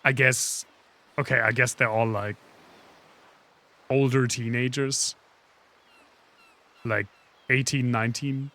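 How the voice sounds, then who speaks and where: A man giving casual, joking commentary while playing a game, sarcastic and quick to swear and laugh. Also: medium pitch, fairly even intonation, sharp tone.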